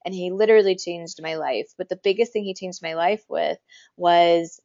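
A woman with a fairly low voice talks in a casual, effusive way, piling up praise and stories. Her voice sounds dry and close. The recording is a little dull and lo-fi. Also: moderate pace, warm tone, no echo. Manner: chatty, effusive, swears casually. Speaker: photographer and teacher. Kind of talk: casual conversation.

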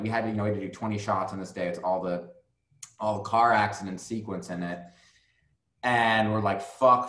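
A man's voice: fairly low pitch, fairly bright tone. A man guest telling a long story casually, rambling with plenty of fillers and swearing. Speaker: music video director, guest. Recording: roomy echo.

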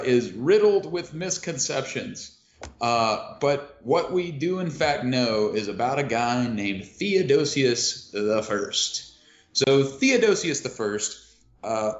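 A man co-hosting a casual history podcast, talking loosely with many fillers and the odd swear word. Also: mid-range voice. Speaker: podcast co-host. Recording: roomy lo-fi audio.

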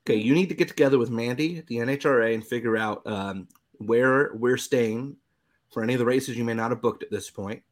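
A man's voice: medium pitch, fairly quick. Teasing male podcast co-host. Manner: joking, teasing banter. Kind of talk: casual chat.

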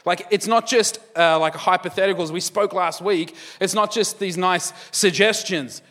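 A man's voice: high-pitched, moderate pace, a bit bright, big-room sound. A man preaching a conversational sermon as pastor, with joking asides.

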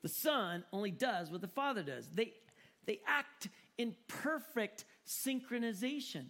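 A man preaching a sermon in an animated, joking way, often repeating words for emphasis. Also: sits high, a little slow. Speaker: pastor.

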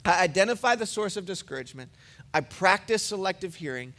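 A pastor with a high-pitched voice gives a sermon from the pulpit. He preaches in a relaxed, conversational manner and weaves personal stories into his points. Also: fairly quick.

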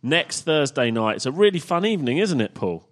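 A man's voice: fairly high pitch, very animated, fairly quick. A man hosting a casual football fan podcast, chatty and full of ums as he runs through plugs and questions. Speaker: podcast host.

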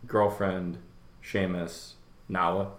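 A man's voice: low voice, level tone, slow pace, fairly bright tone, echoey room. A man co-hosting a casual podcast chat, telling stories with dry, sardonic humor. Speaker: podcast co-host.

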